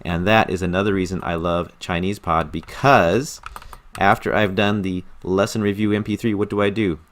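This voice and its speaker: Man, somewhat low voice, casual screen-recorded tutorial, earnest and enthusiastic, repeats words for emphasis. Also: steady tone, normal speed, fairly bright tone. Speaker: language learner explaining his study method.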